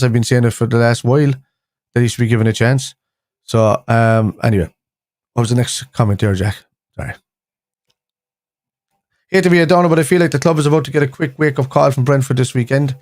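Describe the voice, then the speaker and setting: A man's voice: mid-range voice, darkish tone, no room sound. A man hosting a casual fan live stream, rambling with frequent restarts as he reads out viewer comments. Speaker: fan show host.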